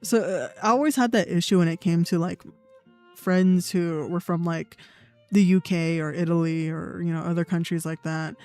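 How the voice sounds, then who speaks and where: A young adult livestreamer from the United States chats casually in a blunt, profane, sarcastic way, mockingly mimicking others. The voice is mid-range and darkish, with fairly even intonation at a moderate pace. Faint music plays in the background.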